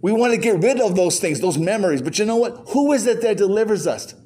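A man's voice: sits high, animated, fast talker, dark tone, breathy edge. An older man preaching a sermon as pastor, firing rhetorical questions with joking asides.

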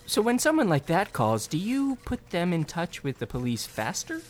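A man's voice: high-pitched, wildly swooping pitch, normal speed, slight background noise. A man asking earnest, leading interview questions and narrating in a mock-serious tone with dry humor.

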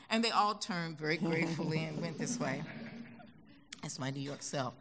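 An older American woman telling stories as a guest in an onstage conversation, animated and acting out the voices she quotes. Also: deep voice, normal speed, crowd noise. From United States. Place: concert hall stage.

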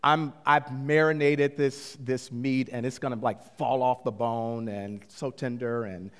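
A middle-aged man pastor telling a story in a sermon, animated and often climbing high when he retells conversations. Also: unhurried. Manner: animated, rising to excited high-pitched retellings. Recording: long hall reverb.

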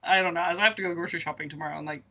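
A woman in her thirties with a bright, sharp-edged voice tells a long story in easy podcast chat. She rambles with lots of fillers and laughs her way through the mishaps. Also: on the low side, steady tone, rapid-fire, gravelly, dull audio. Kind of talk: casual chat.

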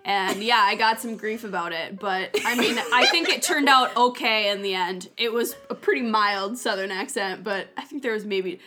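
A woman's voice: medium pitch, normal speed, hardly any pauses, pushed and bright. A woman from Minnesota speaking as a guest in a casual chat, self-deprecating and giggly. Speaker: actress, guest.

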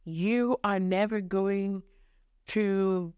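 A woman's voice: mid-range voice, fairly even intonation, very slow, darkish tone, clear, resonant tone, dry recording, clean studio sound. A young woman from Mozambique hosting a solo podcast from her bedroom, ranting casually in a rambling, self-deprecating way with casual swearing. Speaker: podcast host.

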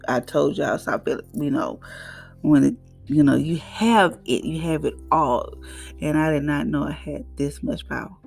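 A middle-aged woman hosts her own podcast, talking in a preachy, emphatic way about faith and getting through life's problems. Her voice has a gravelly edge, and faint guitar music plays quietly underneath. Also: low-pitched, normal speed. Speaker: podcast host. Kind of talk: faith-based motivational talk.

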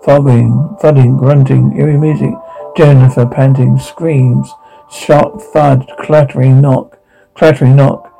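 A man narrating terse stage directions in a plain delivery for a dark audio drama. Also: medium pitch, level tone, measured pace, gravelly, faint music behind, rough recording. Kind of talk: reading stage directions flatly.

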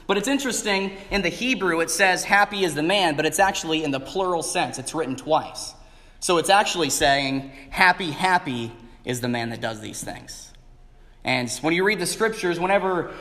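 A man's voice: on the high side, fairly bright tone. A man preaching a sermon as pastor, emphatic and repeating phrases for emphasis. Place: church sanctuary. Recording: echoey church hall.

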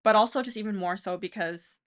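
A woman's voice: mid-range voice, a little fast. A young woman co-hosting a podcast in casual, rambling chat full of fillers. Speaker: podcast co-host.

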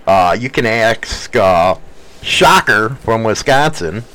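A man hosting a casual talk show at home, telling crude, animated stories and swearing constantly. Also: fairly low pitch, slow, rough recording. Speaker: podcast host. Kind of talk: casual profane storytelling.

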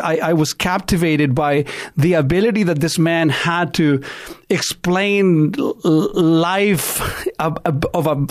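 Eager man hosting, fairly high voice. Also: dry recording, clean studio sound. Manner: enthusiastic, halting, with many fillers and restarts. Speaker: podcast host. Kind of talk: casual interview hosting.

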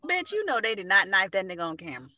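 Woman, casual podcast chat, bright tone, swearing, animated storytelling. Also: medium pitch, quick pace, no room sound. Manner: profane, laughing, animated retelling. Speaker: podcast co-host.

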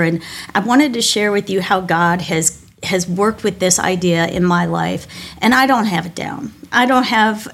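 With a mid-range voice, a middle-aged woman pastor delivers a devotional talk built on personal stories. She's candid and self-deprecating, occasionally restarting her sentences.

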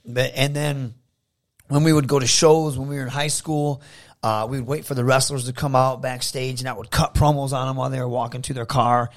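In a brisk, mid-range voice, a Michigan wrestler from Saginaw shares stories as a guest in a relaxed interview, animated and full of enthusiasm.

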